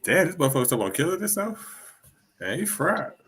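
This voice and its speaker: A man's voice: on the high side, very animated, quick pace, a bit bright, husky. A man co-hosting a podcast in casual chat, blunt and profane, joking with the others. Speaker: podcast co-host.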